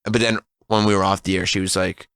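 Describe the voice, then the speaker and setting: Bright-voiced man telling a radio story. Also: low-pitched, fast, vocal fry, clear, resonant tone. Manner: animated, laughs often, mimics voices in quotes. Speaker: radio show guest. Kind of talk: casual storytelling on radio talk show.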